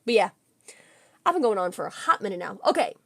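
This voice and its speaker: A young woman streamer chatting casually with her viewers, telling a story in an excitable, giggly way. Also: mid-range voice, fast talker, creaky, dry recording. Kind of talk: casual livestream chat with viewers.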